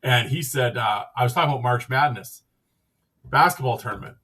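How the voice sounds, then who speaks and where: A man hosts a podcast and tells a loose, rambling story, slipping into the other people's lines as he goes. His voice is husky, at a middle pitch for a man. He sits a little back from the microphone. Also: fairly quick, sharp tone, far from the mic. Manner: rambling, acts out quoted dialogue with "I'm like". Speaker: podcast host. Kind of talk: casual storytelling.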